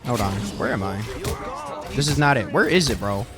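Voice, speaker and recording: Over music, a young man with a medium-pitched voice and lively intonation comments on a video of his own gameplay at a normal speed. He swears a lot, keeps repeating points, and pushes them emphatically.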